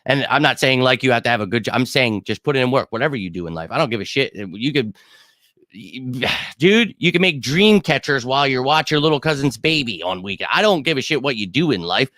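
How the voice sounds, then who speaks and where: A man's voice: medium pitch, lively intonation, brisk, sharp tone, no room sound, clean studio sound. A man hosting his own football show, ranting heatedly and profanely in a casual livestream while answering viewers' chat. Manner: answers live chat comments. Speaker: sports show host.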